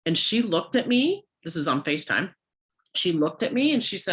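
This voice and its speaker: A woman with a hoarse, worn-out voice giving a motivational coaching talk to a sales team, firing off rhetorical questions at her listeners. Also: lowish voice, sing-song, normal speed.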